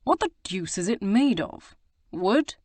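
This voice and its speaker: A woman's voice: mid-range voice, big pitch swings, a little slow, a little mellow, no room sound. A woman voicing a roguish young Regency lord who teases in a drawling, mock-innocent way. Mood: aggrieved.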